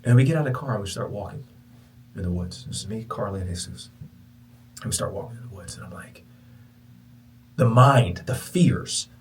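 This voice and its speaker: A man hosting a podcast who tells a personal story to his listeners. He swings from loud, emphatic bursts to near-whispers and repeats phrases for emphasis. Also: fairly low pitch, animated, normal speed, pauses often, distant mic, a little hiss or hum. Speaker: podcast host.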